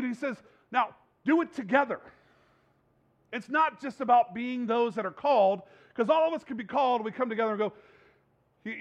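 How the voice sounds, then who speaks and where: A man preaching a sermon as pastor, animated and acting out playful voices, with rising exhortations. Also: very high-pitched.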